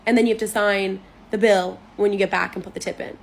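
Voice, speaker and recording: A woman's voice: medium pitch, steady tone, fast, vocal fry, a little hiss or hum. Chatty woman from Canada comparing habits. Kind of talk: casual vlog talk to camera.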